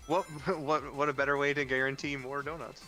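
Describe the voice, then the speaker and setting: A man with a bright, forceful voice chats on a game stream. He jokes and teases his friend in an easy, casual way. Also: mid-range voice, steady tone, fairly quick, faint music behind. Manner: joking, teasing. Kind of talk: casual chat while gaming.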